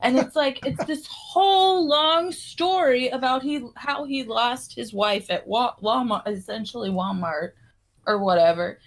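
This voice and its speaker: A woman's voice: fairly high pitch, unhurried. A woman co-hosting a casual podcast, rambling through a film plot and acting out the characters' quotes. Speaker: podcast co-host. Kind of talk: casual chat.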